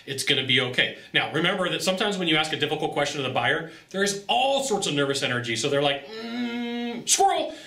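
Fast-talking, bright-voiced male sales coach. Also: roomy sound. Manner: animated, jokey, jumps into high-pitched acted-out voices. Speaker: sales trainer. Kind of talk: energetic motivational sales coaching monologue.

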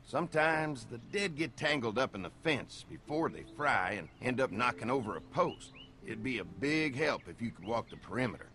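An actor voicing a polite, helpful young farmer in a video game. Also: male voice, medium pitch, lively intonation, normal speed, sharp tone. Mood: friendly.

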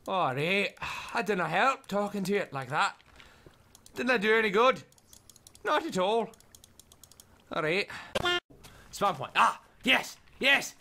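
A young man commenting live while playing a game, excitable, yelling and laughing at what happens. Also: a little high, normal speed, a little hiss or hum. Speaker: gaming video host.

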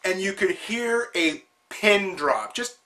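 High-voiced man telling a gaming story. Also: takes it slowly. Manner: animated, acts out quotes of friends. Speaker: host of a video show. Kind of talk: casual storytelling to camera.

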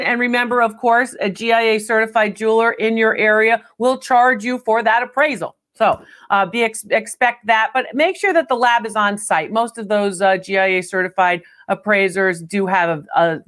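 A woman hosting a live call-in appraisal stream, talking in a brisk, chatty, direct way. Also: mid-range voice, a bit bright. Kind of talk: unscripted live appraisal chat.

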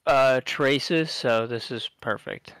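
A man's voice: medium pitch, takes it slowly, fairly bright tone, clear, resonant tone, dry recording. A man playing a tabletop game, casual and easily confused. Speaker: player.

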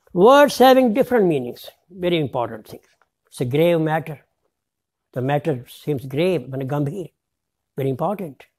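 A man's voice: fairly high pitch, lively intonation, normal speed, pauses often, a little mellow. A man giving a lecture to teachers, stressing words and spelling them out letter by letter. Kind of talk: classroom lecture.

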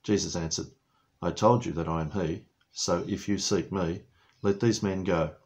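A man with a very low voice reads a Bible passage during a church service. He reads slowly and solemnly. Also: fairly even intonation, a little mellow. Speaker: scripture reader.

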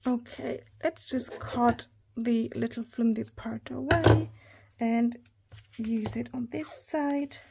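A woman in her thirties chatting through an unboxing haul, gushing and excitable, often talking straight to her viewers. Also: on the high side, takes it slowly, gravelly, background noise. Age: 30s. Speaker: planner hobby vlogger.

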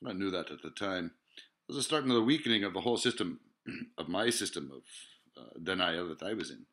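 Rambling, swearing man, forceful voice. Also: deep voice, lively intonation, a little fast. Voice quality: profane, rambling, lots of filler sounds. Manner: digressive, musing, asks rhetorical questions. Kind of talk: rambling monologue to camera.

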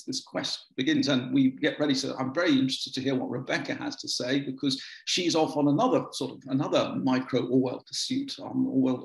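A man's voice: mid-range voice, creaky, a little mellow, reverberant, low-quality recording. A man giving a biographer's talk, telling anecdotes with many restarts and ums in a dry, wry way.

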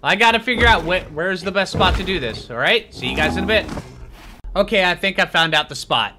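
Against background noise, a man with a high, animated voice talks fairly quickly while playing on his own gaming channel. He keeps the commentary upbeat and casual, chatting and talking to himself throughout.

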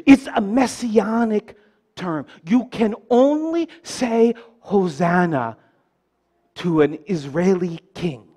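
High-voiced preacher leading call-and-response. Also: male voice, takes it slowly, husky. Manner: animated call-and-response preaching with joking asides. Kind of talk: sermon. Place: church.

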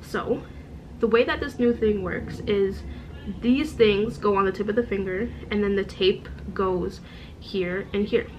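A woman vlogger telling a story in a casual, animated and exasperated way, demonstrating with objects as she goes. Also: mid-range voice, a little slow, a little hiss or hum, low-quality recording. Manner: demonstrates with objects while talking.

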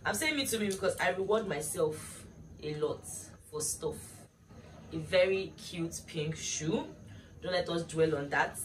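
Chatty young woman, distant mic. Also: lowish voice. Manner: chatty and gushing, talks straight to viewers. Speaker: vlogger. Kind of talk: casual unboxing chat to viewers. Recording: distant mic with clear room noise.

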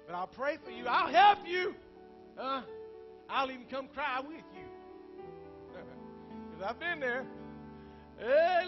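A middle-aged pastor preaches with a strikingly high voice, his delivery jumping from loud bursts to hushed asides. The recording sounds dull and lo-fi, with faint instrument music underneath. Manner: fervent preaching, swinging between loud bursts and quiet asides, rhetorical "Huh?". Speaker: senior pastor and bishop. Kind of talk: sermon. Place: church sanctuary.

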